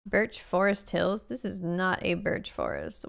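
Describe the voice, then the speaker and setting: A woman's voice: fairly low pitch, wildly swooping pitch, a little slow, gravelly, few pauses. A young woman in casual gameplay commentary, chatting playfully with her viewers as she plays. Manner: chatty, playful, talks to chat while playing. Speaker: streamer.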